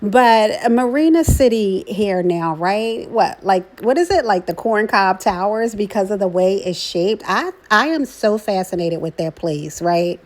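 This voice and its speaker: Chatty woman with a slow, unhurried delivery. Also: mid-range voice, expressive. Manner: chatty, keeps adding "right?"; warm and emotional about her daughter. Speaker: vlogger, mother. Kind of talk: casual travel vlog narration.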